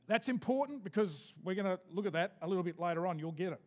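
Man, pastor, sermon, high-pitched, call-and-response delivery. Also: animated, darkish tone. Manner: preaching with congregation call-and-response, slowing for scripture.

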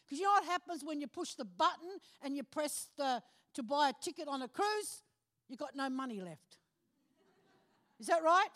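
A woman's voice: high-pitched, fairly bright tone. A middle-aged woman preaching a personal testimony, telling her story with animation, acting out phone calls in other voices and often breaking into laughter. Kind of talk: testimony from the pulpit.

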